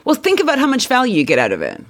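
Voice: high voice, wildly swooping pitch, rapid-fire, background noise. A podcast co-host chatting in a playful, teasing way. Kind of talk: casual chat.

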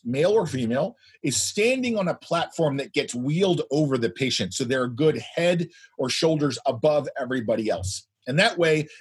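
A man in his fifties, a guest telling a story in a loud, animated way. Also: on the high side, slightly rough. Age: 50s. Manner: animated, speaks loudly. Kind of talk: anecdotal storytelling.

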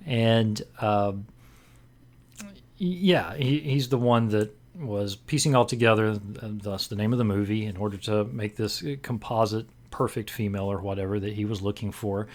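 A man's voice: lowish voice, moderate pace. A man co-hosting a casual movie podcast, steering the talk with meandering, filler-heavy questions. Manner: rambling, full of fillers and restarts. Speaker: podcast co-host leading discussion. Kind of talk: casual film discussion.

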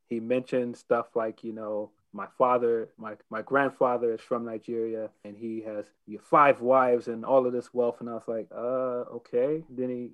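A man chatting casually about wrestling on a podcast, his voice sitting at an ordinary middle pitch. He stumbles through restarts and fillers, then grows animated as he makes his points. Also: rough recording. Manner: hesitant, many restarts and fillers, animated when opinionated. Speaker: podcast co-host.

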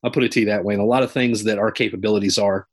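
A man's voice: lowish voice, steady tone, very fast. A man, a military veteran guest, telling stories in a rambling way and circling back with fillers. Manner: rambling, repeats himself with fillers. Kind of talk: casual interview storytelling.

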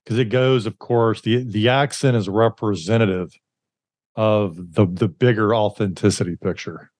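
A man's voice: on the low side, steady tone, normal speed, darkish tone, dry recording, clean studio sound. A man hosting an interview, asking rambling questions and affirming his guest. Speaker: podcast host. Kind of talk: interview conversation.

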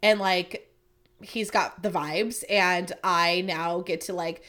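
A woman hosting a casual chat show, talking fast and loose with lots of filler words, swinging between excitement and exasperation. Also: fairly low pitch. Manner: chatty, filler-heavy "like" talk.

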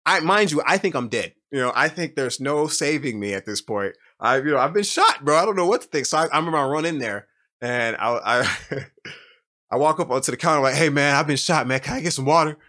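Young guy rambling through a story, quick and bright, lots of um and you know. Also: fairly high pitch, expressive. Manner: rambling, many fillers and restarts. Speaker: guest telling his story. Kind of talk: casual storytelling.

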